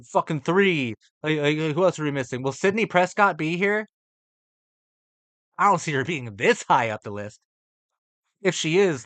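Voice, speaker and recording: A man's voice: a little high, a bit bright, no room sound. A man reacting to a horror movie ranking list, ranting with profane, exasperated sarcasm.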